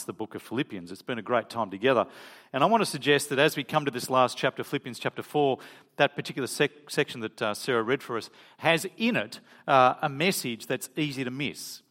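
A man's voice: mid-range voice, fast, fairly bright tone. A middle-aged man, preaching a sermon in a conversational, storytelling way with frequent restarts. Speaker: pastor.

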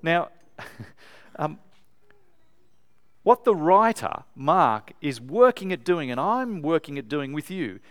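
A man preaching an animated, emphatic sermon to a live congregation in a church. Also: a little high, slow pace, pauses often.

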